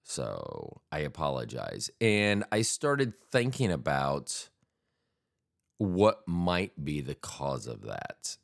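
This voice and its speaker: A man with a very low voice hosts a solo podcast in a casual comic monologue. He talks slowly and rambles, poking fun at himself with crude jokes. His pitch swings widely from phrase to phrase. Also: wildly swooping pitch, gravelly. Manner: rambling, self-deprecating, crude humor. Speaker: podcast host.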